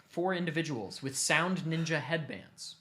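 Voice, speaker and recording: A young man casually retelling a long story to his family, animated and cursing offhandedly. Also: fairly high pitch, measured pace. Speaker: streamer host.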